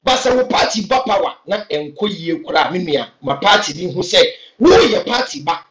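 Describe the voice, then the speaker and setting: With a voice that sits high and a bit bright, the Ghanaian-accented man talks animatedly and a little fast in a roomy-sounding recording. As a political commentator in an impassioned vlog, he presses earnest, urging opinions to camera, hesitating with fillers.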